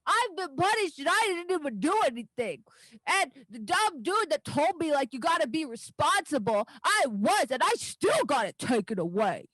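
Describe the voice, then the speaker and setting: A woman voicing a sulky young girl who has lost her magic, whiny and halting, in a tabletop game. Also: high voice, big pitch swings, fairly bright tone, no echo, pitched above the performer's own voice. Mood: sulky, indignant.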